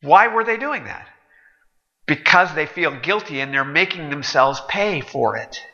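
A man's voice: fairly high pitch, animated, unhurried, vocal fry, pushed and bright. A man preaching a sermon in a conversational, wry and sardonic way. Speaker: pastor. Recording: dull echoey hall recording.

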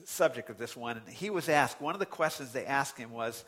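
A man preaching a sermon as pastor, animated and conversational, with sudden loud outbursts. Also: mid-range voice, brisk.

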